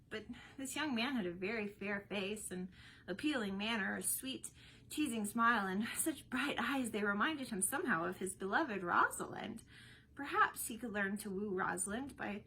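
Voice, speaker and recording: A woman reading a story aloud in an expressive storybook manner. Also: medium pitch, normal speed, slight background noise, low-quality recording.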